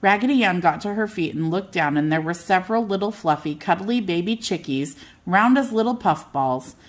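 An older woman reading a bedtime storybook aloud as a storyteller, gentle and unhurried. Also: lowish voice, animated.

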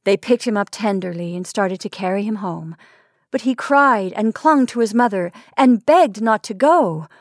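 A woman narrating a story aloud at a measured pace, her mid-pitched voice dry and close. She reads with expression but stays even. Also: no room sound.

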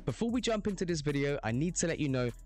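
A man's voice: a little high, big pitch swings, fast, music in the background. A young man hosting a reaction video, chatting casually with slangy banter and swearing.

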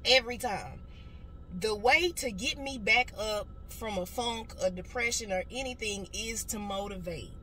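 A woman's voice: mid-range voice, a little slow, rough recording. A woman in her late twenties, a motivational speaker, telling a blunt and profane story in a casual car vlog. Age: late 20s. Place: inside a car. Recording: loud car noise behind. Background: car noise.

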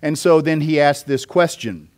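Pastor preaching a verse-by-verse sermon. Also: male voice, fairly high pitch, moderate pace. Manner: explains scripture step by step, with occasional fillers. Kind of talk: expository sermon.

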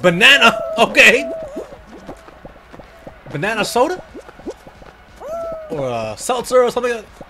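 A young man commentating his own gameplay, excitable, cursing and often yelling at the game. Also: very high voice, a little slow, pauses often, soft background music. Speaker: gaming YouTuber. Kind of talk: excited let's-play commentary.

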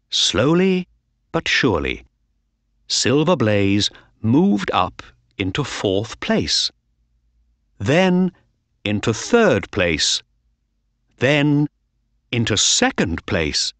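Slow, lively storybook narrator man. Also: mid-range voice, dry recording. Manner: slow, clear, lively reading.

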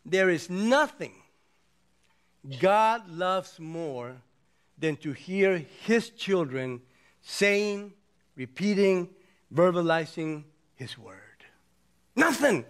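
High-voiced older man preaching slowly. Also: smooth. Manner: swings from slow, hushed emphasis to excited shouting; repetitive, rhythmic preaching cadence. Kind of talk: sermon.

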